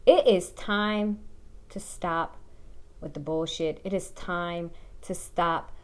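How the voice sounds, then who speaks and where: A woman's voice: fairly low pitch, slow, smooth. A woman in her thirties giving casual dating advice straight to the viewer, blunt and full of swearing. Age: 30s.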